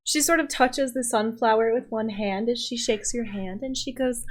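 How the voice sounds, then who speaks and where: A woman narrating as game master in a steady, descriptive way. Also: on the high side, moderate pace, few pauses.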